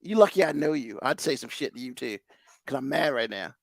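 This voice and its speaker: A man's voice: medium pitch, animated, brisk, creaky, dry recording, clean studio sound. A man hosting a podcast, ranting in heated, profane exasperation. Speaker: podcast host.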